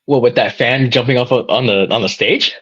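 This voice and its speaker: A man's voice: medium pitch, fairly quick, fairly bright tone, slightly rough. A man co-hosting a casual sports chat, laid-back and often restarting his sentences. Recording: dull lo-fi sound.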